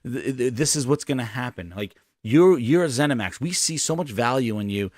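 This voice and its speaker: A man voicing a smooth-talking male executive who woos a partner with big promises, low and hushed, stumbling over his words. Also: expressive, normal speed, no room sound, clean studio sound, lightly acted. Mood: crooning. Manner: seductive, rambling, stammering.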